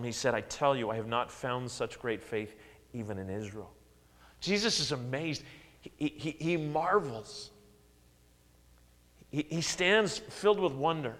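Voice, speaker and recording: A man preaching a sermon, his delivery swinging widely in pitch and loudness as he acts out quotes. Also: big-room sound. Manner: animated preaching with dramatic swings in pitch and volume, acted-out quotes. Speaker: pastor.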